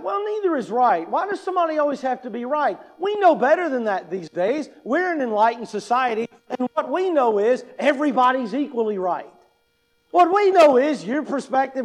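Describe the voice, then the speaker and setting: A man giving a conversational sermon, joking with the congregation, mimicking voices and slowing down to stress his points. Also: high voice, rough recording. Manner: conversational, jokey, mimics voices, slows for emphasis. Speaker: preacher. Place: church sanctuary.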